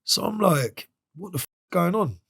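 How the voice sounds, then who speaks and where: A man's voice: sits high, expressive, moderate pace, vocal fry, a bit bright, breathy edge. A man, a podcast guest telling a story in a casual interview. He talks in a streetwise way, swears freely and acts out the voices of the people he quotes.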